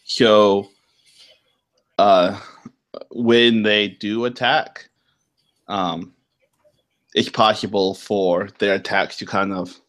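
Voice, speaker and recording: Slow-talking low-voiced man running the game. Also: level tone, a bit bright. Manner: unhurried, filler-heavy explaining. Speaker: game master. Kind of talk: narrating a tabletop game.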